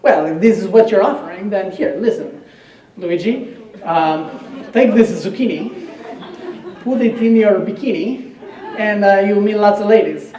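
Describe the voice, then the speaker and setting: A man's voice: sits high, measured pace, pauses often, dark tone, a faint crowd. A man voicing a confident cousin giving advice in a told joke, heard from afar in an echoey room. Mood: assured. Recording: echoey room, far mic.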